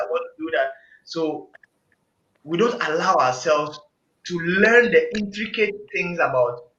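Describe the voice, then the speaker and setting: High, bright-voiced man, emphatic and preachy. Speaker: panel guest. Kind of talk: casual group discussion. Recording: echoey room, dull lo-fi sound.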